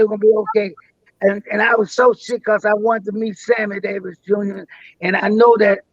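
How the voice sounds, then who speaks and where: Older man, high voice, dry muffled stream audio, rambling storyteller who restarts his words. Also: no room sound. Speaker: interview guest. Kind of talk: storytelling in a live interview.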